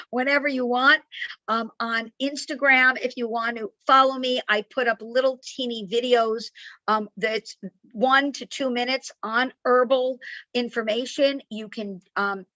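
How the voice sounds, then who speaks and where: Woman herbalist, bright tense voice, dry dull call audio, emphatic lecture tone. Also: on the high side, fairly even intonation, measured pace, no room sound. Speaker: herbalist speaker. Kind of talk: online lecture and Q&A.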